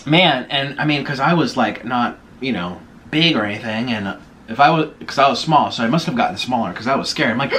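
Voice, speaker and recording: A young man telling a rambling story to the camera while eating, pausing to chew between stories. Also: fairly high pitch, expressive, a bit bright, a little hiss or hum. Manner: chatty, rambling, with chewing and food noises between stories. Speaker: vlogger. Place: home room, sitting at a table.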